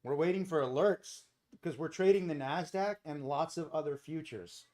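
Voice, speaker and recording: A slightly high, a little mellow male voice at normal speed, with few pauses, carries this live trading stream from a Costa Rica home. The host talks casually, naming chat viewers as he answers them, into a desk mic lacking a boom arm.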